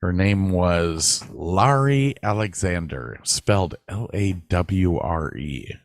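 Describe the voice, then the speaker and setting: A man's voice: deep voice, lively intonation, slow pace, dry recording, studio quality. A middle-aged man co-hosting a podcast, telling loose, rambling stories in a casual chat and swearing freely. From northern United States. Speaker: podcast co-host.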